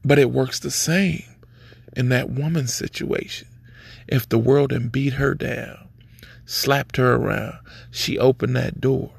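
Male podcast host, gravelly and husky, easygoing preachy delivery. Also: mid-range voice, fairly even intonation, unhurried, no echo. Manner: laid-back, preachy, street slang. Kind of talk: casual advice monologue.

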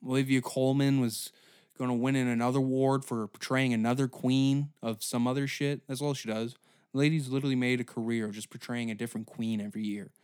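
A man's voice: mid-range voice, fairly even intonation, brisk, a little mellow, clean tone, no echo. Sarcastic, swearing man in a comedy podcast rant, dry sound. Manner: profane, incredulous, sarcastic. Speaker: podcast host. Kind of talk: comedic ranting chat.

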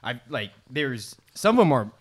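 A man's voice: mid-range voice, big pitch swings, normal speed. A man hosting a podcast, asking curious, probing questions in loose slang. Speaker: podcast host. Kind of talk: casual chat.

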